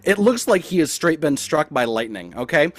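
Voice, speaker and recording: A man narrating as game master of a tabletop game in an animated, rambling way. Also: fairly high pitch, moderate pace.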